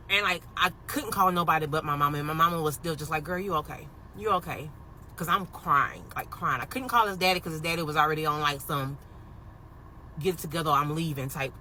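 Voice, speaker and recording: A woman in her thirties, with a low voice and a fairly quick delivery, tells a paranormal story from her own life for a storytime vlog. Filmed on a phone, the low-quality audio carries slight background noise, and her telling is emotional and animated, packed with "like."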